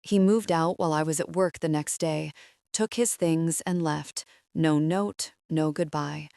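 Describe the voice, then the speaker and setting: A young woman narrating a first-person confession story in a remorseful, measured way. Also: low-pitched, steady tone, gravelly, mellow, no echo, clean studio sound.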